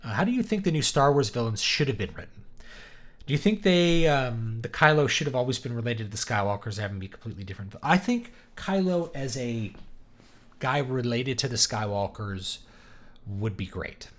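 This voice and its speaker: A man's voice: medium pitch, sing-song, normal speed, a bit bright. A man from East Texas, an author hosting a casual livestream, chatting enthusiastically and answering viewer questions in loose rambling asides. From East Texas, USA.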